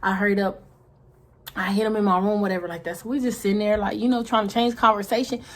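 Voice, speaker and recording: A woman's voice: medium pitch, fairly even intonation, quick pace. A woman vlogger telling a casual story full of slang and swearing, who sometimes drops into whispers to act out scenes.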